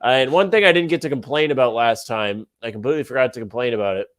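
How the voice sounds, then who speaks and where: A man co-hosting a sports podcast, talking in an opinionated, animated rant. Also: medium pitch, quick pace, no room sound. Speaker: podcast co-host. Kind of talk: casual sports podcast chat.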